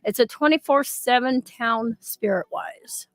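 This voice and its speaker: A woman's voice: a little high, measured pace, a bit bright, no echo, low-quality recording. A woman hosting a casual live chat, reading viewer comments aloud and adding her own remarks. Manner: reads comments aloud, chatty.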